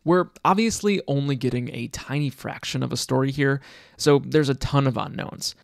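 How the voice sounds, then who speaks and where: A man's voice: mid-range voice, creaky, dry recording, clean studio sound. A man narrating a video in a casual, speculative way. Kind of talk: scripted narration.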